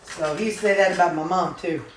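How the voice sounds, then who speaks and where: A woman's voice: lowish voice, fast, slight background noise. Chatty woman in an echoey kitchen. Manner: rambling, chatty storytelling with many fillers. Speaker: vlogger showing her meals. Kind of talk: casual chat while preparing supper.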